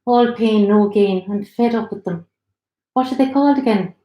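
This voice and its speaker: A woman's voice: mid-range voice, moderate pace, lo-fi sound, close to an everyday voice. A woman reading as Marilyn, weary pregnant woman. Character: heavily pregnant young woman, weary, sweet-toothed. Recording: roomy echo.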